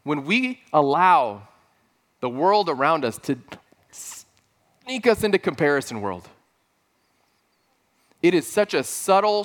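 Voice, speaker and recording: A man's voice: on the high side, fairly bright tone. A man preaching a sermon as pastor, earnest and emphatic, building points through repeated phrases.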